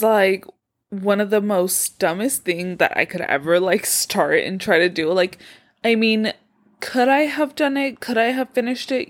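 A young woman hosting a casual solo podcast, rambling with many fillers, self-deprecating, tired and a bit out of breath. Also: medium pitch. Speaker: podcast host.

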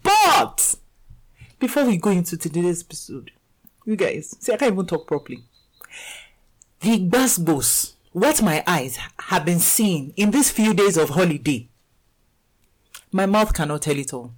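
On a low-quality recording, a podcast host and fitness coach in her thirties with a Nigerian accent tells stories in a casual, animated way. Her lowish voice moves a little slowly with frequent pauses, and she laughs a lot and acts out the dialogue.

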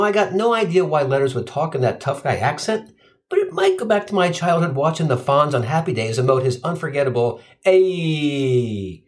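A middle-aged man from Cincinnati delivering a sardonic, profane comic monologue. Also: on the high side. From Cincinnati, USA. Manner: sardonic, profane, punchline-driven. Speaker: stand-up comedian.

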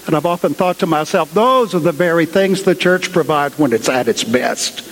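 A guest speaker's fairly high voice rings through a cathedral's long reverb as he retells a story conversationally, full of asides. He speaks at a moderate pace with lively intonation and few pauses.

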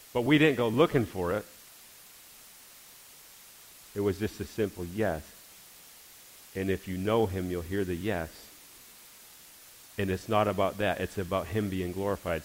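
Man giving a church testimony, slightly deep voice, storytelling with acted-out dialogue. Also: a little hiss or hum, rough recording. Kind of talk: testimony sermon.

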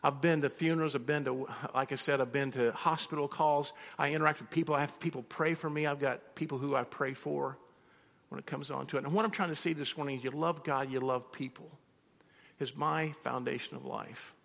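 Preaching in a large hall with long, ringing reverb, a male pastor fills his sermon with personal anecdotes, playing both parts of each conversation. His gravelly voice has vocal fry, sits fairly high and a bit bright, and moves a little fast with fairly even intonation.

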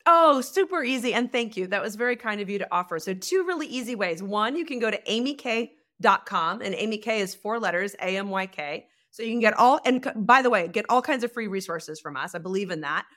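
A woman guest, a leadership coach, chatting in a lively way and laughing as she tells stories. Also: medium pitch, fairly quick, few pauses. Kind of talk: casual interview chat.

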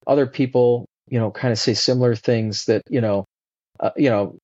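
A man's voice: medium pitch, moderate pace, no echo. Man, podcast guest, chatty, restarts a lot, muffled lo-fi audio, dry. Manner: animated, chatty, many fillers and restarts. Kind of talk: casual conversational interview. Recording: dull lo-fi dry sound.

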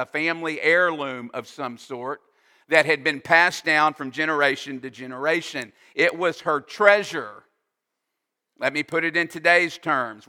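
A man preaching a sermon as a pastor, slow and emphatic, pausing to explain with asides. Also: on the high side, sharp tone, smooth. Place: church sanctuary. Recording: long reverb of a hall.

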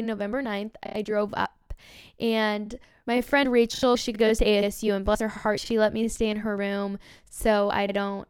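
Young woman podcast host, 19, bubbly storyteller, slight vocal fry, smooth close dry voice. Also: mid-range voice, no echo. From Southern California. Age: young adult, around 19. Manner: bubbly, excitable, heavy use of "like" and "literally". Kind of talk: casual storytelling monologue.

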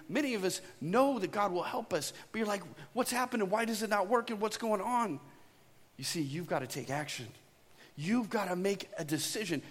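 Male pastor, conversational preacher, higher voice, live church reverb. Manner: conversational storytelling preacher, asks "right?" often. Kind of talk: sermon. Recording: long hall reverb.

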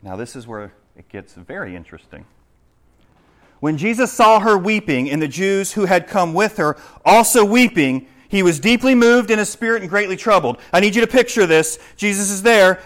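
A man preaching a sermon, swinging between loud, urgent questions and hushed explanation. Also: high-pitched, lively intonation, normal speed. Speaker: pastor.

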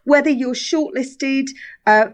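A woman being interviewed in a casual chat. She talks in quick bursts with many restarts, and her pitch leaps up whenever she quotes people. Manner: animated, jumps in pitch when quoting people. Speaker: podcast guest, awards organiser.

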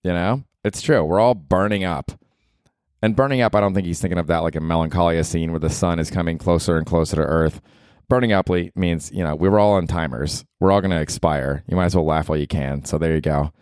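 Deep-voiced man hosting a rambling comedy podcast. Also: fairly even intonation, quick pace, darkish tone, clean tone, no echo, clean studio sound. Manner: rambling, joking, slangy. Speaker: podcast host. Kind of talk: solo comedy podcast monologue.

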